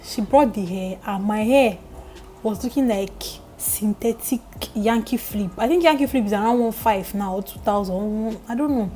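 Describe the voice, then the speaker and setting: A young Nigerian woman vlogger telling a story in lively, emphatic casual chat. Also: mid-range voice, normal speed, slight background noise, rough recording.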